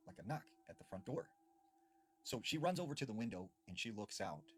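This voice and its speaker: A man telling a spooky folklore story in a casual, conversational way, building suspense with pauses and emphasis. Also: medium pitch, lively intonation, fairly bright tone, a little hiss or hum. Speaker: horror storyteller. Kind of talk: casual spoken scary storytelling.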